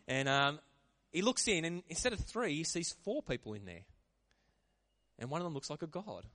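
A man preaching a sermon in a lively, conversational way. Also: fairly high pitch, moderate pace. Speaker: pastor.

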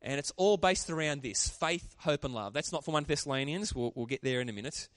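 A man preaching a sermon, animated and calling out to the congregation for responses. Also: on the high side, fairly quick, no echo, studio quality. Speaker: pastor.

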